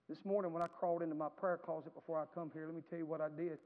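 A man preaching a sermon as pastor, in a folksy storytelling manner that swells into impassioned shouting. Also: fairly high pitch, fairly even intonation, rapid-fire, hardly any pauses. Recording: echoey hall, dull lo-fi sound.

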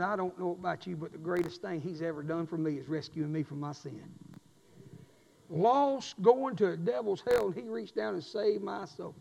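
A man preaching a sermon, swinging from quiet, intimate stretches to loud emphatic peaks. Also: high-pitched, gravelly, big-room sound, slight background noise, low-quality recording. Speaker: pastor. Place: church sanctuary.

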